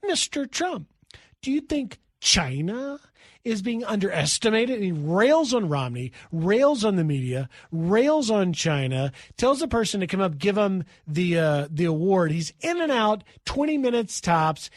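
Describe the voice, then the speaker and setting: A middle-aged man fills in as a radio host and tells a long story in a lively, animated way, now and then acting out the people in it. His voice sits high for a man. The sound is dry and close to the mic, with no room around it. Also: measured pace, few pauses, no echo.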